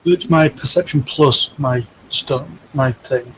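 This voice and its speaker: A man's voice: mid-range voice, slow, fairly bright tone, breathy edge, faint music behind, rough recording. A man playing a tabletop role-playing game, asking eager questions about the rules in casual talk. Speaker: player.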